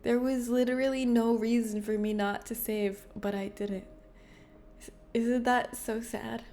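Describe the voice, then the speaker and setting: Chatty woman streamer, voice a bit high. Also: fairly even intonation, normal speed, a little mellow. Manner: chatty, playful, giggly. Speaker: game streamer. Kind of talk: casual livestream chat with viewers.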